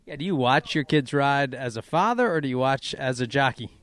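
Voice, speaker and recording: Smooth-voiced male interviewer. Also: mid-range voice, a little fast, no echo. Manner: relaxed conversational questions. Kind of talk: casual interview.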